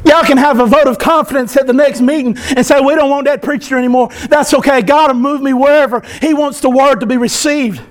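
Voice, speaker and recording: Preacher guy, really high voice, fired up and yelling at times. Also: a little fast, hardly any pauses. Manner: impassioned, fervent, bursts into shouting. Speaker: pastor. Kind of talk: sermon.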